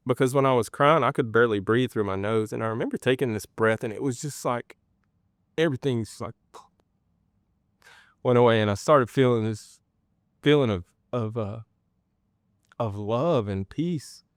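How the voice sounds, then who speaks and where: A man telling his personal faith testimony in an interview, earnest and halting, with many pauses and restarts. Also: medium pitch, clean tone, no room sound, studio quality. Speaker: guest sharing a personal testimony.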